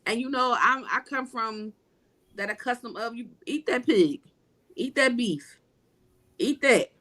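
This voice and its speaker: A woman's voice: on the high side, lively intonation, takes it slowly, a bit bright. Emphatic woman preaching in casual talk. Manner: emphatic, repetitive preaching cadence. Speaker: guest. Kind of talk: casual spiritual talk on a livestream panel.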